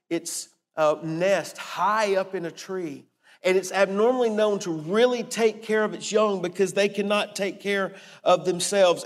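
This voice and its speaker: A man preaching a sermon in an earnest, deliberate way, slowing down to stress key words. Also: high-pitched, big-room sound. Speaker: pastor.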